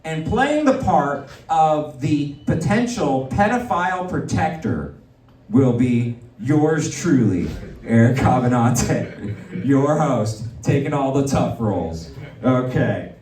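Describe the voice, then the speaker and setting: Excitable male comedy host, roomy stage. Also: mid-range voice, slow. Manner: rambling, excitable delivery with many fillers. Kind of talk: stand-up comedy. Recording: roomy venue sound from far off.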